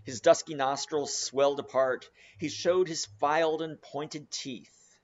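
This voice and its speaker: A man's voice: a little high, fairly even intonation, measured pace, highs cut off. A man giving a dramatic audiobook narration, reading expressively and savouring his phrases.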